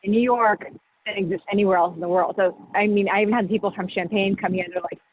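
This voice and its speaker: A woman's voice: medium pitch, fairly even intonation, fast. Chatty woman on a tinny video call. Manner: chatty, full of "like" and "you know". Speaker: champagne brand director, guest. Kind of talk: casual explanatory talk. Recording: tinny video call audio with faint hiss.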